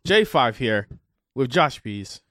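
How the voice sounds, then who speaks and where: A man's voice: mid-range voice, sing-song, slow pace, pushed and bright, no room sound, studio quality. A man co-hosting a podcast in casual chat, slangy and laid-back, laughing often. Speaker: podcast co-host.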